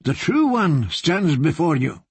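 A man playing a softly sinister torturer. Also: fairly high pitch, sing-song, slow, slightly rough, dry recording, pitched above the performer's own voice, heavily acted. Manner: gentle, solicitous, quietly menacing. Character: soft-spoken, sinister older male torturer.

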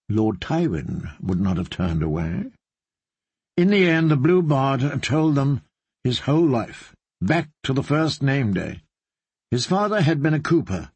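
A man narrating a dark story in a measured, grave way. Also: medium pitch, husky, no echo. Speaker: audiobook narrator. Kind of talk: scripted narration.

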